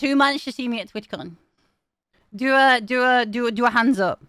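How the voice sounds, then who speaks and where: Young girl streamer, chatty and giggly, kinda high smooth voice, dry close mic. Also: fairly quick, a bit bright, no room sound. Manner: chatty and giggly, swears casually, addresses chat directly. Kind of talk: casual chat.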